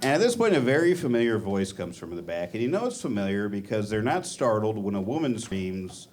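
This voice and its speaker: Deadpan man doing stand-up. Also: on the low side, brisk, noisy background. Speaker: stand-up comedian. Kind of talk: stand-up comedy set. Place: comedy club stage. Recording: live club audience. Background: laughing audience.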